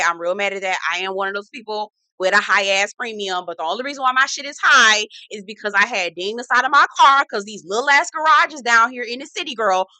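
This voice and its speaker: A young adult woman hosting a reality TV recap, talking in a sassy, profane, animated way with lots of asides. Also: medium pitch, dry recording. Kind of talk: casual recap commentary.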